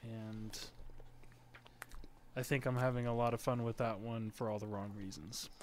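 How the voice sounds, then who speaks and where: A man's voice: on the low side, steady tone, moderate pace, darkish tone, a little hiss or hum. A man chatting as a regular on a casual gaming podcast, hesitant, with many ums and restarts and a wry edge. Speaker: podcast co-host.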